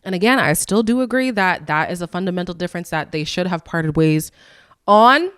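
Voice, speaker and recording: A woman hosting a podcast, chatting in a candid, sassy way with frank asides to her listeners. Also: clean tone. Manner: lively, with quick jumps in pitch. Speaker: podcast host. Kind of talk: casual recap chat.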